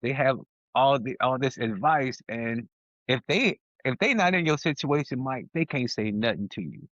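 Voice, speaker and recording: A man speaks in a casual podcast conversation, emphatic and quick to get heated, often breaking off and restarting his sentences. His voice sits at an ordinary pitch. The sound is lo-fi and muffled, with no room echo at all. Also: lively intonation, a bit bright. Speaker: podcast co-host. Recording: dull, lo-fi and dry.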